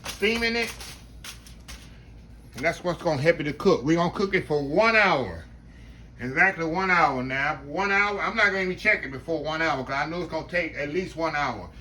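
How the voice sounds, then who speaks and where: Folksy Southern man, bright tense voice. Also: a little high, moderate pace, slight background noise. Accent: Southern US country. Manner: folksy, chatty, keeps addressing viewers as y'all. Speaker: home cooking vlogger. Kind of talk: casual cooking demonstration. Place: home kitchen.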